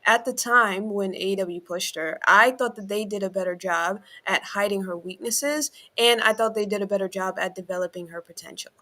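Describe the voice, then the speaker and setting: A woman with a bright, crisp tone explains her wrestling opinions on a casual podcast. She reasons carefully, qualifying her points as she goes, recorded over a video call. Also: medium pitch, normal speed, few pauses. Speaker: podcast co-host. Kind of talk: casual wrestling review chat.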